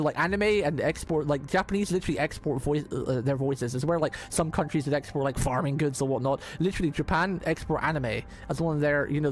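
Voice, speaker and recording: With a fairly high voice over a little hiss or hum, a man livestreams a game as a vtuber. He chats casually, rambles, and frequently restarts sentences and repeats words.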